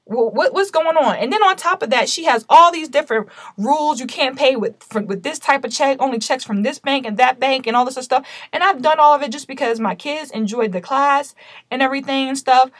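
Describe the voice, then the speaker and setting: Indignant, animated woman telling a story. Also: high-pitched, fairly quick, no echo. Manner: animated, indignant retelling with emphatic quoted dialogue. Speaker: vlogger recounting a personal story; mother. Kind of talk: casual storytelling to camera.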